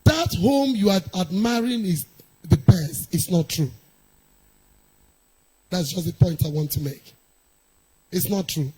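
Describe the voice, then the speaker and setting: A middle-aged woman, a pastor's wife telling a personal story in a sermon, animated and laughing often. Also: fairly low pitch, a little slow, pauses often, breathy edge, rough recording.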